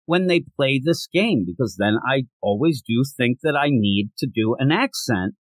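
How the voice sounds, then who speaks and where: A man's voice: medium pitch, lively intonation, normal speed, dry recording. A man hosting a comic book show, giving casual, jokey commentary full of digressions and chatty asides. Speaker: comic book reviewer and podcast host.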